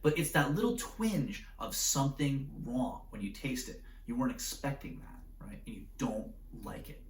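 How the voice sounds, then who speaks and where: An animated male teacher lecturing a class, constantly checking in with his listeners. His mid-pitched voice sounds roomy and echoey, picked up from a little distance off the mic. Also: normal speed. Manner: animated, acts out scenarios with voices, keeps asking "right?".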